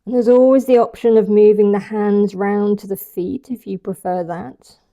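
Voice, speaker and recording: A woman leads a yoga class with a mellow, warm tone. She guides each pose and breath slowly and gently, in a soothing, unhurried way. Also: mid-range voice, steady tone. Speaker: yoga teacher.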